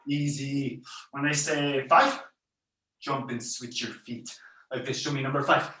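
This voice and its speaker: A taekwondo instructor leading a belt test over a video call, barking counts and commands and letting out loud yells, recorded in a studio. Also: medium pitch, steady tone, a little slow, a little hiss or hum. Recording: roomy echo, far from the mic.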